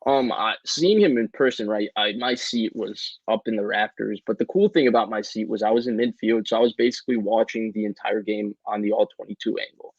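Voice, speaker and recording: A man's voice: fairly low pitch, fairly quick, few pauses, husky, no echo, lo-fi sound. A man co-hosting a sports podcast, giving earnest, detailed football analysis with some stammering.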